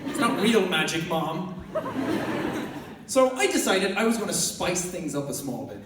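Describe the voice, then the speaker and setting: A young Irish man hosting a live stage show, telling funny stories to an audience in an energetic, loud, jokey way, often laughing as he talks. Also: high voice, unhurried, background noise. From Ireland. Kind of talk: stand-up storytelling to a live audience. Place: large concert hall with a live audience. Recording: echoey hall recording from far off, loud crowd.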